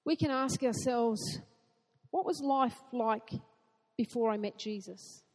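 A woman preaching a sermon in an earnest way, asking rhetorical questions and building to excited emphasis. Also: on the high side, slow, long reverb tail.

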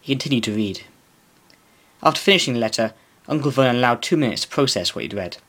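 A man's voice: medium pitch, expressive, fast, fairly bright tone. A man reading comic extracts from his own story aloud and closing with a podcast sign-off. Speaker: reader and podcast host.

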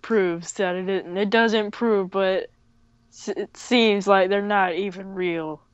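A young woman in casual podcast chat, hesitant and teasing, with many fillers. She speaks slowly in a smooth, clear voice. The recording is dry and dull, like a cheap lo-fi mic. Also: medium pitch, fairly even intonation, dry recording. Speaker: podcast co-host.

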